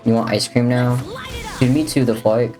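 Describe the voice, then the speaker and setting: A man's voice: mid-range voice, steady tone, moderate pace, a little mellow. A man streaming a video game live, chatting casually with viewers, reading their messages and joking about the game as he plays. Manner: chatty, jokey, drifts between talking to chat and to the game. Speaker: livestreamer. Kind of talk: casual gameplay commentary, reading chat. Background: faint game music.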